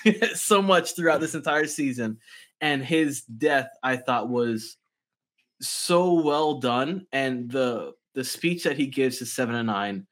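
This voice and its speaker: A man's voice: mid-range voice, measured pace, a bit bright. Earnest, enthusiastic man on a podcast. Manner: enthusiastic, earnest, often agreeing. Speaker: podcast guest. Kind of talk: casual review chat.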